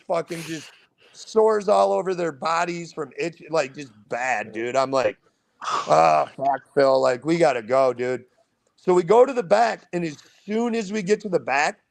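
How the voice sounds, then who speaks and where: Young man, podcast guest. Gravelly, fairly high voice, loose profane storytelling. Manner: profane, rambling anecdote telling. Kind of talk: casual storytelling.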